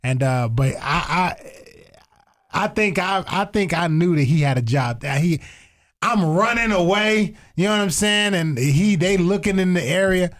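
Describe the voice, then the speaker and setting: A young man telling a story in casual chat, animated and profane, acting out other people's lines. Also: sits high, a little slow. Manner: animated, profane, acts out voices in quotes. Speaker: storyteller guest.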